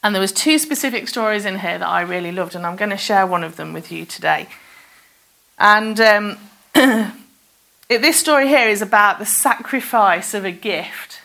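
A woman reading a children's story aloud in a gentle, soft-spoken way, giving the characters their own lines. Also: mid-range voice, moderate pace, gravelly.

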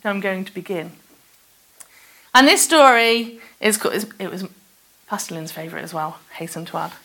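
A woman reading a children's story aloud in a gentle, soft-spoken way, giving the characters their own lines. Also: mid-range voice, moderate pace.

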